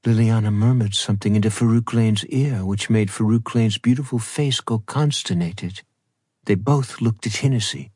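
Man, audiobook narration, husky voice, measured storytelling, dry close recording. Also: on the low side, darkish tone, dry recording. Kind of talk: scripted narration.

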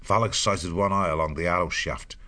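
A man narrating an animal adventure audiobook in a measured storytelling way. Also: deep voice, fairly even intonation, pushed and bright.

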